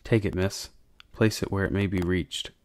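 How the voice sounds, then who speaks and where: A man reading an audiobook, voicing a gentle, soft-spoken old male ship's cook who turns hushed and urgent. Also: steady tone, normal speed, no room sound, clean studio sound, close to an everyday voice. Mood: hushed, urging. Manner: soft-spoken, grows to low hushed urging.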